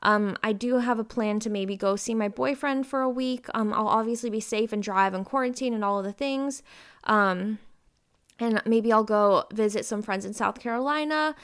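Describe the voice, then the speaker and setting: A woman in her twenties hosting a podcast, talking casually and openly with lively bursts of emphasis. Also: on the high side, normal speed, clear, resonant tone. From Ohio. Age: 20s. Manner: chatty, open and confessional, with lively bursts of emphasis. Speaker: podcast host. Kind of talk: casual personal chat.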